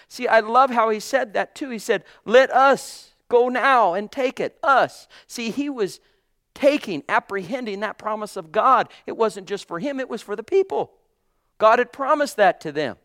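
A man's voice: high voice, fairly bright tone, clean tone, no echo, studio quality. A man preaching a sermon with fervent, emphatic delivery and rising exclamations.

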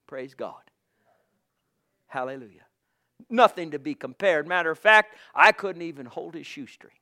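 Man, preacher, fervent sermon, very high pitch, bright tense tone. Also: animated, normal speed. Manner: fervent, swings from hushed to shouting; calls listeners brothers and sisters.

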